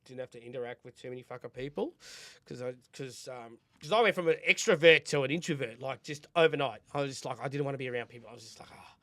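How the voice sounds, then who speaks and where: An Australian man co-hosting a podcast, telling a personal story in candid casual chat, swearing constantly and rambling from quiet mutters to loud bursts. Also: mid-range voice, fast, no echo. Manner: drops quiet then bursts louder. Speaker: podcast co-host.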